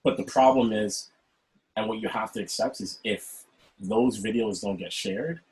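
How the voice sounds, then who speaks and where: Low-voiced man hosting an animated chat. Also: unhurried, rough recording. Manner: animated, keeps checking in with "right?". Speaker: host. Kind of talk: casual chat. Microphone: video call.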